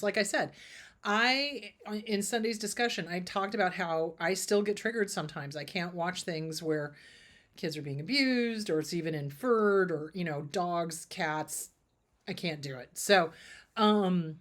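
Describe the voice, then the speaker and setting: A middle-aged woman therapist answering viewer questions in a casual, animated way, acting out the dialogue she quotes. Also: medium pitch. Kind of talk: casual advice talk.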